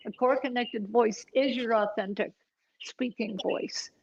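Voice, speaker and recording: A woman voice coach in a livestream chat, demonstrating vocal exercises with loud whoops and barks. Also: fairly high pitch, a little slow, gravelly. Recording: dull lo-fi livestream audio.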